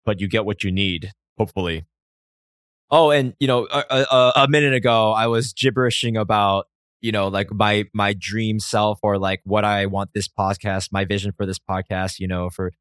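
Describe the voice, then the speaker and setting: A man's voice: lowish voice, a bit bright, no room sound, studio quality. A man hosting his own podcast, talking alone in a rambling, self-reflective way with frequent swearing. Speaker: podcast host. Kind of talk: solo podcast monologue.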